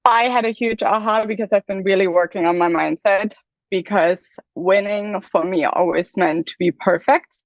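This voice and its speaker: A woman on a group video call, speaking emotionally and haltingly as she reflects openly. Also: medium pitch, fairly even intonation, no echo. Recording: dry, dull video call audio.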